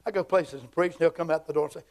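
A Southern man in his fifties preaching a fiery, folksy church sermon, swinging between shouts and hushed asides. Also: a little high, very fast. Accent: Southern American. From Southern United States. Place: church sanctuary.

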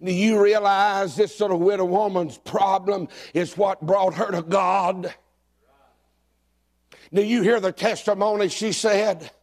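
A pastor in middle age preaching with a high, ringing voice. He swings between shouted, climbing calls and quiet, confessional asides to his church. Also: steady tone, unhurried. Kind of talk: sermon.

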